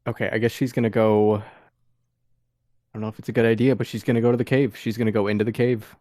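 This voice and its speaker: Guy playing a tabletop game, kinda low voice, unsure and halting, very dry sound. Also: level tone, dark tone, dry recording. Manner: hesitant, full of ums and restarts. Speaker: player.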